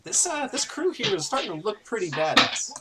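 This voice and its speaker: A man narrating a tabletop game as game master, telling the scene in a lively way full of fillers. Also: high-pitched, fairly quick, a loud crowd. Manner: lively, animated storytelling with many fillers.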